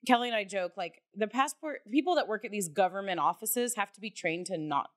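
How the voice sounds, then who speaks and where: A woman co-hosting a podcast, telling a story in a loose, animated way, laughing often and swearing casually. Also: medium pitch, a little fast. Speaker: podcast co-host.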